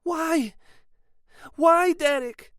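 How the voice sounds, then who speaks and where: A woman's voice: very high-pitched, very slow, dry recording, studio quality, pitched above the performer's own voice, heavily acted. A man voicing a fragile, frightened young wife who pleads and panics. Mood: distraught.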